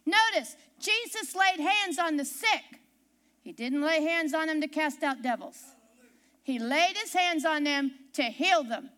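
High, bright-voiced woman preaching. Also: expressive, unhurried. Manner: emphatic storytelling, repeats key phrases. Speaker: pastor. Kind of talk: sermon. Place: church, preaching from the pulpit.

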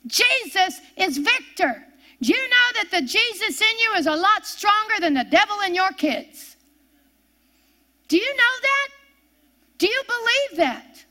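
A woman's voice: very high voice, bright, forceful tone. An older woman preaching a fervent sermon, repeating her refrains and telling stories from her own life.

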